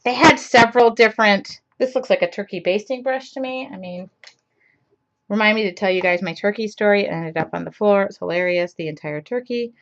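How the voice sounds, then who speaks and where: A woman's voice: mid-range voice, fairly quick, dull audio. A woman hosting a casual live-streamed art lesson, chatting to viewers, greeting them by name and talking to herself as she paints. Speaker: art class host. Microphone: computer mic on a live stream.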